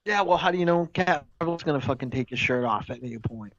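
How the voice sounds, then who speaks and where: A man's voice: on the high side, animated, fast, a bit bright, no room sound, highs cut off. A man co-hosting a casual podcast chat who swears often and argues his point hard. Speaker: podcast co-host.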